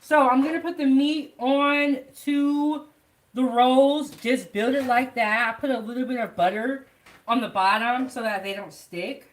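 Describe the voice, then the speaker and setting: A woman's voice: high voice, fairly even intonation, measured pace. A woman hosting a live home cooking show, chatting casually to her viewers from her kitchen. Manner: chatty, talks straight to viewers.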